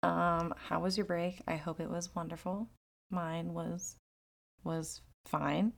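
A woman hosting a podcast on her own, chatting casually and giggling between rambling thoughts. Her low-set voice carries a gravelly fry, and she pokes fun at herself as she goes. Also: steady tone, slow. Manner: giggly and rambling, laughs often; self-deprecating humor. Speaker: podcast host. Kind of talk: casual solo podcast chat.

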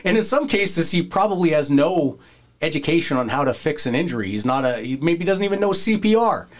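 A man hosting a podcast, telling a wrestling locker-room story in a casual, animated way and acting out the voices of the people in it. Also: fairly high pitch, brisk. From Canada. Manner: animated, acts out quoted voices, breaks into laughter.

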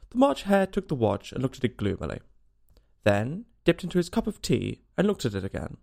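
A man narrating a storybook in an expressive way. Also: medium pitch, brisk, creaky. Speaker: reader.

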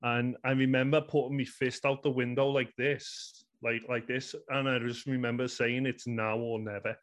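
A man's voice: mid-range voice, little pitch movement, moderate pace. A man in his thirties with a Liverpool accent, earnestly telling a personal story in a rambling way, full of "you know" fillers. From England. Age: 30s. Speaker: guest.

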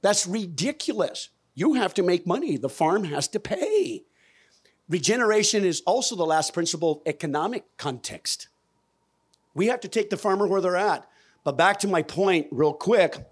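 This regenerative farming speaker addresses a conference audience through a microphone in a spirited stage talk. His voice sits slightly higher than typical, and he keeps quizzing listeners in a down-home, forceful style.

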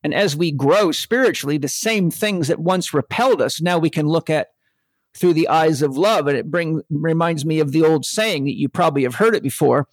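A man's voice: fairly high pitch, moderate pace, no echo. A man speaking earnestly and reflectively on a spiritual podcast. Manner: earnest, reflective, quotes sayings.

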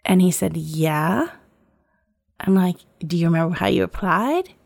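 Her voice is lowish and creaky, and she speaks unhurriedly on a dry, studio-quality recording. A woman in her forties, she tells a personal story in casual talk with lively energy, acting out what people said and laughing often.

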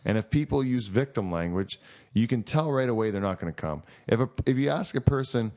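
A man's voice: fairly low pitch, expressive, brisk, a little mellow. A young man co-hosting a podcast in casual chat, rambling and swearing freely, a bit tipsy after a long night of drinking. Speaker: podcast co-host.

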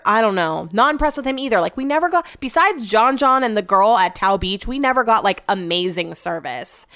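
A woman's voice: medium pitch, a bit bright, clean tone. A young woman telling a story in a casual, chatty, profane way. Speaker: vlogger.

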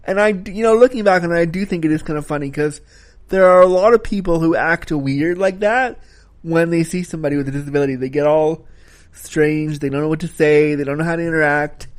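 A man's voice: a little high, fairly quick. A man giving a casual spoken film review, talking frankly and critically, with the occasional swear word.

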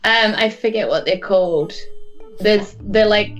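A woman's voice: medium pitch, measured pace, lo-fi sound, soft background music. Casual swearing woman player. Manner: swears, loses words. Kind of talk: casual tabletop play.

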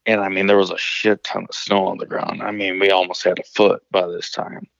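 A man's voice: low-pitched, flat delivery, a little fast, vocal fry, no echo, muffled recording. A man from Illinois, calling in to a show, telling a story casually, rambling and swearing with many restarts. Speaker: caller telling stories.

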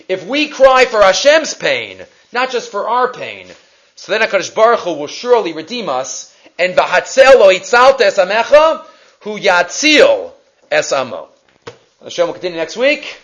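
A man giving a weekly Torah lesson, animated, rising to near shouts and dropping to quiet emphasis. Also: high-pitched, moderate pace. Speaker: Torah teacher. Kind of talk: weekly Torah portion lecture. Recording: dull lo-fi recording.

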